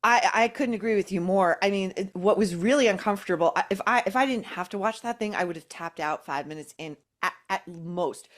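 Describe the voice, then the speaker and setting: A woman's voice: medium pitch, brisk, few pauses. A woman guest commentator in a casual chat, speaking emphatically with scathing sarcasm.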